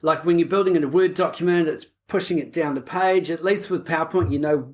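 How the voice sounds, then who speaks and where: A woman co-hosting a casual podcast, chatty and quick to laugh. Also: sits low, darkish tone. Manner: chatty, laughs often, says "like" a lot. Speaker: podcast co-host. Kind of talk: casual chat.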